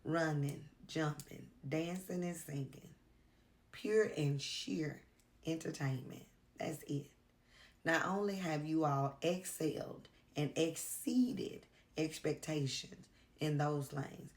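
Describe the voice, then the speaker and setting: Tired woman vlogger, low voice, slow and earnest, confessional to-camera talk. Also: darkish tone. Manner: earnest, confessional, with pauses and fillers. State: tired, worn out. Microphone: camera mic.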